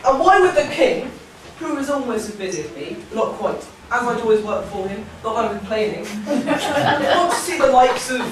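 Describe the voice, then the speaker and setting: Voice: mid-range voice, animated, moderate pace, background noise, lightly acted. A performer playing a pompous, self-important male servant of the king in a school stage play, recorded far off in an echoey hall. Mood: scornful. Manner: pompous, fussy.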